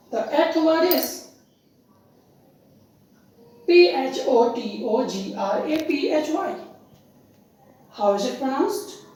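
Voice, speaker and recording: A woman teaching pronunciation, spelling out words letter by letter in a slow, deliberate way. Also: sits high, a little mellow, distant mic. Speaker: English teacher. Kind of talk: pronunciation lesson. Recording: very echoey room, voice off-mic.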